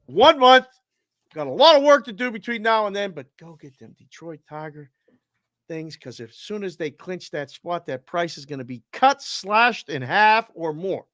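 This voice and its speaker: A man co-hosts a sports betting show in loose, animated chat, with plenty of swearing as he tells his stories. His voice sits fairly high. The sound is dry and close. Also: normal speed, no echo. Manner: animated, profane storyteller.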